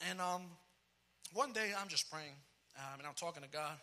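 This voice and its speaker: A man in his thirties preaching a comic personal story, animated and dropping in Spanish phrases. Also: high voice, a little fast. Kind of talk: storytelling sermon.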